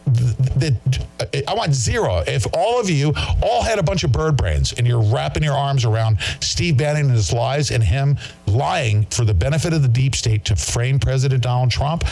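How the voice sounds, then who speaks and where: A man's voice: mid-range voice, vocal fry, a little mellow. A man hosting a talk show, ranting in an agitated way and mocking his critics. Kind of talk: heated monologue.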